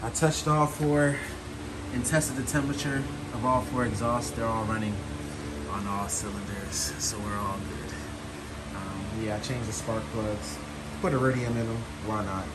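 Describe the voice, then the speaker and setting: Brief: laid-back man with a lowish voice, rambling DIY bike vlog, noisy ambience. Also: fairly even intonation, moderate pace. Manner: rambling, easygoing, many fillers. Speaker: motorcycle vlogger. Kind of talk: casual DIY repair vlog. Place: working on a motorcycle.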